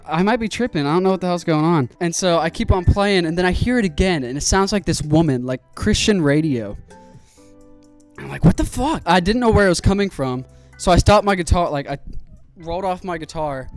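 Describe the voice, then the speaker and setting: Young male streamer, animated and profane, pitched a bit high, light music bed. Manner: animated, swearing, excitable storyteller. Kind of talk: casual storytelling while building a PC.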